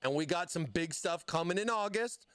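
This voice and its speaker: Hyped dude hosting a stream, high bright voice, super dry close mic. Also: male voice, expressive, moderate pace, clear, resonant tone, no echo. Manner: hyped, slangy, calls viewers baby and bro. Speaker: livestream host. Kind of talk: casual livestream chat.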